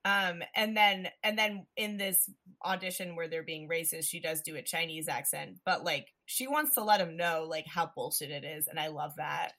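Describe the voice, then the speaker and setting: Woman, casual film chat, bright tone, animated delivery. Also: sits low, normal speed. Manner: animated, acts out characters' lines in quotes.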